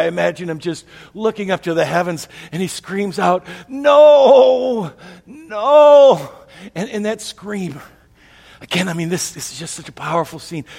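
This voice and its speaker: Husky male preacher in a reverberant hall. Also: on the high side. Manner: dramatic, swings between soft and loud. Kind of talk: sermon retelling a story. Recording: long reverb of a large hall.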